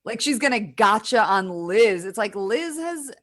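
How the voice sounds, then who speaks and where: A woman co-hosting a podcast, giving blunt, lively opinions in casual chat. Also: medium pitch, a little slow. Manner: lively and blunt, mild swearing. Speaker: podcast co-host. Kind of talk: casual chat recapping an episode.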